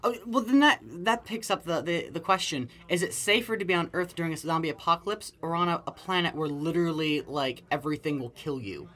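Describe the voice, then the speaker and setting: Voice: medium pitch, a little fast, few pauses, sharp tone. A young adult telling rambling stories in casual chat, heavy on the filler "like".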